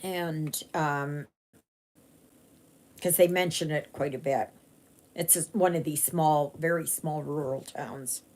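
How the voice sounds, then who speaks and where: A woman's voice: low-pitched, fairly even intonation, slow, pauses often, a little mellow. A woman, chatting casually and rambling with many fillers and restarts while she stitches on a live stream. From Canada. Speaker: cross-stitch vlogger.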